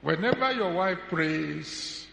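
Slow, gravelly preacher in an echoey hall. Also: male voice, sits high, animated, fairly bright tone, slight background noise. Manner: humorous, drawn-out emphatic delivery. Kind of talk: sermon. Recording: echoey hall with faint ambience.

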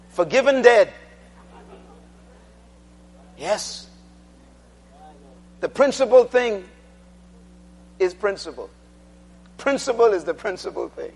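A man preaching a sermon, drilling the congregation to repeat phrases and swinging between loud declarations and quiet asides. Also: high-pitched, expressive, very slow, long pauses.

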